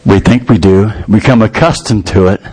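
A man preaching a sermon, telling a scripture story with lively, acted-out scenes. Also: fairly low pitch, a little fast, breathy edge. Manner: animated storytelling, acting out scenes.

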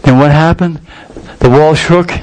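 A man's voice: fairly high pitch, fairly even intonation, a little slow, a little mellow. Older man, preaching a sermon, folksy colloquial delivery, fervent. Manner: folksy, colloquial storytelling with rising fervor.

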